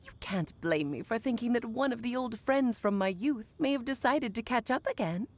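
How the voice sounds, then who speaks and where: A woman's voice: a little high, animated, normal speed. A woman voicing a playful, coy witch mother telling an old story in a video game.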